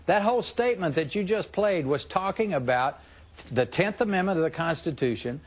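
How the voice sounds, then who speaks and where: Defiant husky man debating. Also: on the high side, expressive, fairly quick. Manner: forceful, defiant, insistent. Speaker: political guest. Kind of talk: heated TV debate.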